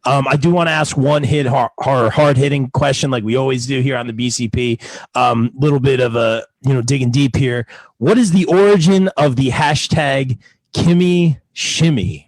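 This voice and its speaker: A man hosting a casual interview, relaxed and encouraging, with the odd "uh" and "um". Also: medium pitch, moderate pace, no room sound. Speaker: podcast host.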